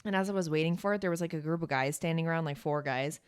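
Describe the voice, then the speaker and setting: A woman's voice: low-pitched, racing, clean tone. A young woman co-hosting a podcast, telling a bar story in casual chat, swearing and acting out quotes. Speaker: podcast co-host.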